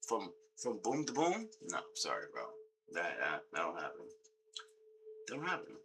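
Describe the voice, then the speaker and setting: A young man rants at his screen in a lively, up-and-down voice that sits on the low side. He swears constantly, loops back on the same complaints and tosses "bro" into nearly every line. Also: moderate pace, gravelly, background noise. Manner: exasperated, swearing, repeats himself, says "bro" a lot. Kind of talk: casual profane rant.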